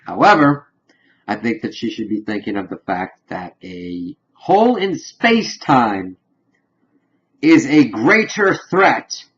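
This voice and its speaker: This man speaks at medium pitch over dull audio, casually reviewing a TV episode with spoilers. He gets excited and rambles, retelling scenes with quick paraphrased quotes.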